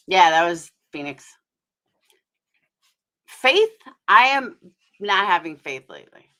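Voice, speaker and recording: A livestream host with a medium-pitched, bright, forceful voice talks bluntly to her viewers on a casual stream, swearing freely and rambling as she vents.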